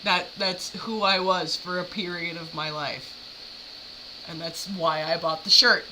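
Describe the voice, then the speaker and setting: A woman's voice: fairly low pitch, steady tone, a little slow, noisy background. A woman talking casually while reacting to a video, rambling with frequent fillers. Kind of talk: casual chat.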